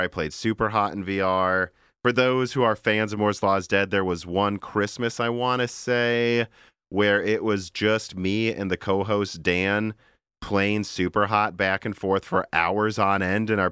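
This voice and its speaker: Man, low-pitched, rambling casual podcast talk, laughs often. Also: a bit bright, clear, resonant tone, dry recording, clean studio sound. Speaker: podcast co-host. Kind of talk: casual tech chat.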